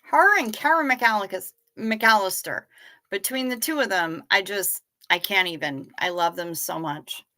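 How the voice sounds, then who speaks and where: Woman livestream host, bright tense tone, slow easy delivery, swears freely, gushes over her viewers. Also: medium pitch. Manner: profane, effusive, greets viewers by name. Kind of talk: casual livestream chat reading viewer comments.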